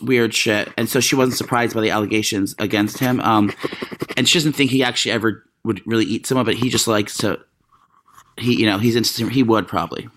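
A man co-hosting a casual chat show, telling animated stories full of fillers and quick asides. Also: on the low side. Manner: animated storytelling, frequent fillers. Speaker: podcast co-host.

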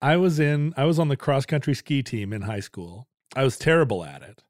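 A man's voice: medium pitch, a little fast, no echo, clean studio sound. A man from Alaska, co-hosting a podcast and telling self-deprecating stories in casual chat. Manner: self-deprecating storyteller, animated. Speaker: podcast co-host.

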